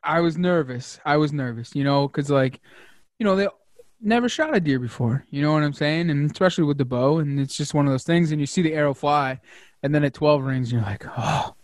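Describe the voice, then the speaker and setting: A man hosting a casual hunting podcast, talking excitedly with lots of fillers and the odd curse word. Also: a little high, brisk, dry recording, clean studio sound. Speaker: podcast host.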